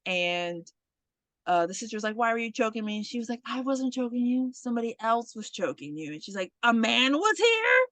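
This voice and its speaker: A woman's voice: on the high side, a little fast, dry recording. A woman co-hosting a podcast in casual chat, retelling a horror movie scene by scene and acting out the characters' lines, swearing freely. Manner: animated storyteller who acts out the characters' lines and swears freely. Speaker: podcast co-host.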